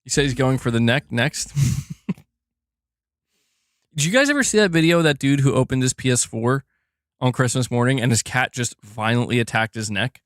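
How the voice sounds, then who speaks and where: A man's voice: mid-range voice, expressive, normal speed, pauses often, fairly bright tone, no room sound, studio quality. A man hosting a casual livestream, joking, laughing often and rambling as he reads chat. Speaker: livestream host.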